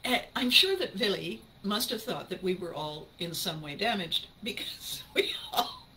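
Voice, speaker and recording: A woman hosting a podcast, telling a personal story in an animated way and often laughing as she speaks. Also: medium pitch, unhurried, a little hiss or hum, poor audio. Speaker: podcast host.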